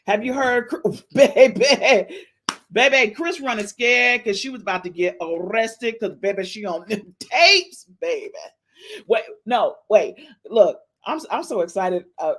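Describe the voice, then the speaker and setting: Animated woman chatting with her live audience. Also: on the high side, unhurried. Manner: animated, playful, says meow to the chat; African American Vernacular English speech patterns. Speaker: podcast host. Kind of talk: casual live-stream chat.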